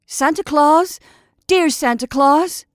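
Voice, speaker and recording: A woman's voice: fairly high pitch, animated, moderate pace, a little mellow, no room sound, clean studio sound, pitched above the performer's own voice, natural voice. A woman voicing Jimmy Scarecrow, a timid and anxious scarecrow, in a storybook reading. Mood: pleading. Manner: pleading, anxious, raised voice.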